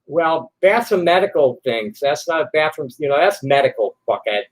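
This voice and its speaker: High-voiced older man ranting, swearing. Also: animated, moderate pace. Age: 60s. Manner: combative, swears constantly, flares into shouting. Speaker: vlogger answering online critics. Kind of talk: angry profane rant to camera.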